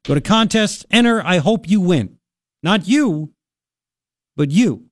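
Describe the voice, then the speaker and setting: A man's voice: high voice, animated, takes it slowly, dry recording. A man hosting a talk radio show, sarcastic and jokey, with lots of fillers and restarts, into a studio microphone. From Long Island, New York. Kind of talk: opinionated talk radio monologue.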